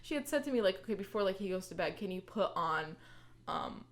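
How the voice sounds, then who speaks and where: A young woman speaks as a podcast guest in loose, casual chat. Her pitch sits mid-range for a woman. She strings thoughts together with frequent fillers and slides into giggly, animated storytelling. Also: brisk. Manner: chatty, many fillers, bursts into laughing storytelling.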